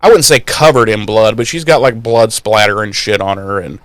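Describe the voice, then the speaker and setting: A man co-hosting a podcast recaps an episode in casual chat, swearing freely, telling the story with animation, and acting out the characters' lines. His voice is on the low side at a moderate pace, in a dry recording.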